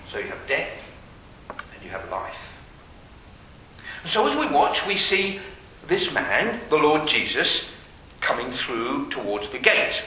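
A man preaching a sermon, asking his listeners pointed questions and dropping from loud to hushed. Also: medium pitch. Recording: very echoey hall with faint hiss.

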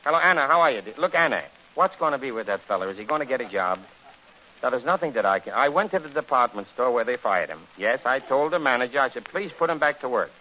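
Lively man, old radio comedy monologue. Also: mid-range voice, fast talker. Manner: rambling, jokey storyteller with a lively, animated delivery. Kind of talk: comic monologue and one-sided phone sketch. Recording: dull lo-fi old radio recording with faint hiss.

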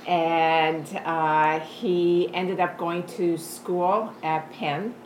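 Guest: older woman from Canada, lowish voice, relaxed chat, echoey porch. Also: extremely slow, a little hiss or hum. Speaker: podcast guest. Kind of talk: casual interview. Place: screened-in porch.

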